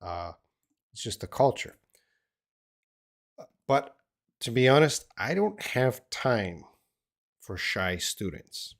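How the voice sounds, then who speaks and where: Gravelly and medium-pitched, an older Australian man takes his time and pauses often as he answers viewers' questions in a live stream English lesson he's teaching. He talks casually and rambles, with lots of fillers and restarts.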